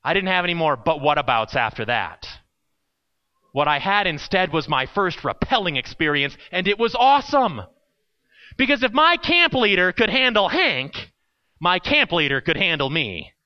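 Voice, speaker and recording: A pastor delivers an earnest sermon in a man's high-sitting, very animated voice at a moderate pace, recorded with lo-fi sound. He tells a personal story dramatically, acting out the people in it.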